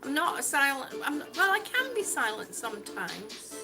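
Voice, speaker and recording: A woman's voice: high voice, wildly swooping pitch, moderate pace, vocal fry. A woman chatting on a livestream while out on a walk, rambling and laughing often. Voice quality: rambling, chatty, self-described waffler. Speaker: livestream vlogger. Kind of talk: casual livestream chat while walking. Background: background music.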